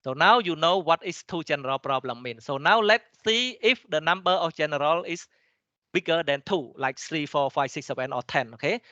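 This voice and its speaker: A man with a Cambodian accent, a native Khmer speaker, lecturing in a halting way, with many restarts and frequent "okay?" checks to the class. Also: fairly high pitch, a bit bright, no echo, muffled recording. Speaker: teacher. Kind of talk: lecture explaining slides, switching between English and Khmer.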